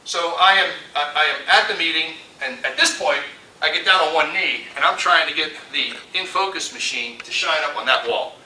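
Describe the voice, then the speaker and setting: A man giving a storytelling keynote talk, animated and acting out the voices he quotes. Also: a little high, normal speed. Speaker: conference speaker. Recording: echoey hall from far off.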